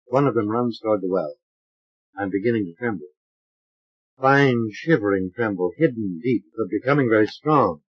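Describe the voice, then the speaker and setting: A man's voice: lowish voice, lively intonation, moderate pace, slightly rough. A man reading a short story aloud in a dramatic audiobook style. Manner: dramatic, varied character voicing. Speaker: audiobook narrator. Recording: dull lo-fi transfer of an old record.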